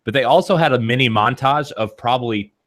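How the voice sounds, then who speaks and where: A man co-hosting a live watch stream, chatting excitably about video game announcements and rambling with lots of fillers. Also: mid-range voice, fairly quick. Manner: excitable, gushing, rambling with many "like"s. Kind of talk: casual gaming chat.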